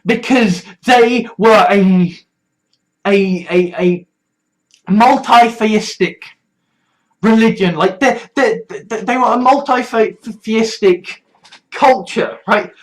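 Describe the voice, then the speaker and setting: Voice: mid-range voice, takes it slowly, pitched above the performer's own voice, lightly acted, poor audio. Someone doing a ranting fake-Scottish Doctor. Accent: put-on Scottish. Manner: loud, heated, stumbling rant. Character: angry self-righteous Doctor, ranting in bad Scottish.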